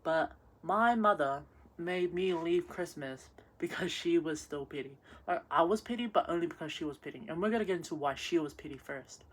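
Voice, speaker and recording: A woman's voice: fairly low pitch, normal speed. Drunk young woman rambling a messy rant. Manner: incoherent, rambling, many restarts and swearing. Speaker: vlogger.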